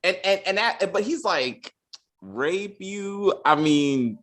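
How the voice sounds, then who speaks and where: Animated man ranting through a movie review. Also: a little high, a little slow. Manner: animated, profane, many restarts and acted-out quotes. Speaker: podcast host. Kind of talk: casual film review chat.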